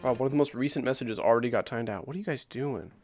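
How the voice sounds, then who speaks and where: A man's voice: mid-range voice, fast talker, a little mellow, faint music behind. Rambling casual man streaming a game. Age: 30s. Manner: rambling, many "like" fillers, reacts to chat mid-play. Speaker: streamer playing requested game levels. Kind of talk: casual livestream chat answering viewers.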